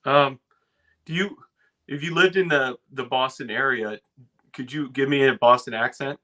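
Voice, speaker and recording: Male host, bright tense voice, stop-start questions, casual chat. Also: mid-range voice. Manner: halting questions with many restarts, laughs easily. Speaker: interview host.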